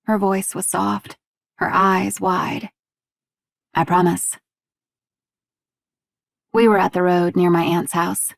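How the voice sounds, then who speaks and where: A woman's voice: fairly low pitch, fairly even intonation, unhurried, gravelly, pauses often, no room sound, clean studio sound. A woman narrating an audiobook, reading the dialogue with small shifts between characters. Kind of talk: scripted narration.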